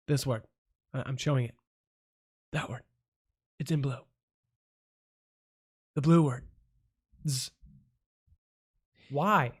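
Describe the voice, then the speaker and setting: A man's voice: mid-range voice, fairly even intonation, a little slow, pauses often. A man hosting a comedy call-in news show, stumbling over words, repeating them in silly voices and making joking asides to himself. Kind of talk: goofy read-out news blooper reel.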